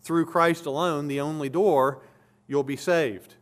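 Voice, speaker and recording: A man's voice: on the high side, fairly even intonation, measured pace. A male pastor preaching an expository sermon, reading scripture aloud and explaining it verse by verse with earnest emphasis.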